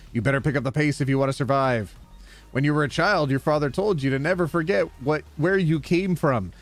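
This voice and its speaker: A man from Canada playing a game on stream, reading its text aloud in a playful, joking way. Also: a little high. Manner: playful, joking, laughs often. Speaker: gaming streamer.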